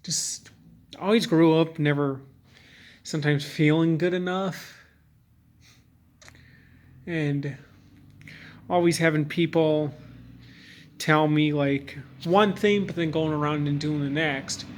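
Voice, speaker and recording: A young man talking candidly to camera in a rambling, halting way, full of fillers and restarts. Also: a little high, fairly even intonation. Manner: earnest and candid. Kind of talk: personal vlog monologue.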